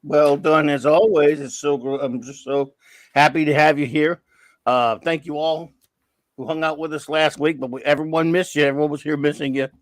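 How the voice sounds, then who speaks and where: A man with a Cajun accent hosts a casual livestream chat in a playful, rambling way. His voice sits fairly high for a man and comes through a dry, close recording. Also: steady tone, moderate pace, no echo. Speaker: podcast host.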